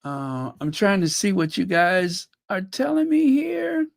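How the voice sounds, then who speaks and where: Woman, livestream host, casual chat, fillers, reads comments aloud, unhurried, dry recording. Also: medium pitch, expressive, creaky, dry recording. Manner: chatty, thinking aloud with fillers, reads viewer messages. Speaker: host of a fan channel livestream. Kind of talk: casual chat reacting to clips and viewer comments.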